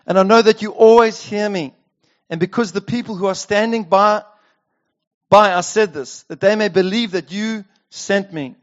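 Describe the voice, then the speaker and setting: A man reading a solemn male teacher's words slowly and with weight. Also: high-pitched, fairly even intonation, lightly acted. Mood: prayerful. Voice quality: slow, weighty delivery. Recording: dull lo-fi sound.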